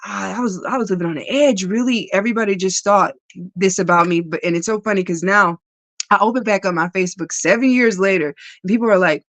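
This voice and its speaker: A woman's voice: medium pitch, fast, a bit bright, no echo. A woman guest in a casual spiritual conversation, talking animatedly, often laughing and acting out the voices she quotes.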